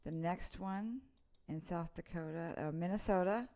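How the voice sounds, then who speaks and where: Her voice sits fairly low and sounds warm, and she speaks a little slowly. As a weather presenter giving a live severe weather update, she stays casual and chatty, reading place names off the radar while going through the warnings.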